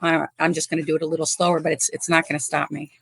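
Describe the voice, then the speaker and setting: A woman's voice: low voice, level tone, rapid-fire, vocal fry, slightly rough, dry recording. A woman from Chicago, a guest on a podcast, talking casually and chattily with lots of fillers. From Chicago, USA. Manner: chatty and warm, laughs often, many fillers. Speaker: podcast guest, animal rescuer. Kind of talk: casual interview chat.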